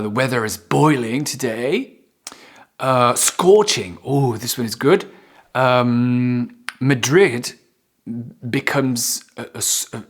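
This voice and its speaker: A man teaching English vocabulary, repeating and stretching key words for emphasis in a playful, expressive way. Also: mid-range voice. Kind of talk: vocabulary lesson.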